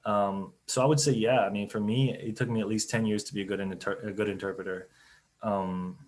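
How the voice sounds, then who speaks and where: A man speaking casually as a CEO on a business webinar, chatty and loose, with many fillers and restarts, over a video call mic. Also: lowish voice. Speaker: company CEO on a webinar panel.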